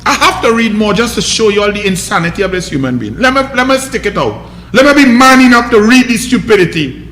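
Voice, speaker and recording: A man's voice: high voice, very animated, fast talker, fairly bright tone, reverberant, a little hiss or hum. A man with a Trinidadian accent hosting a political commentary show, scolding and mocking his targets in a combative rant.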